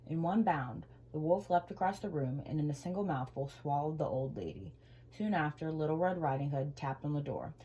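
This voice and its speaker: A woman reading a children's storybook aloud with gentle, expressive storytelling. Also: low voice, moderate pace, highs cut off.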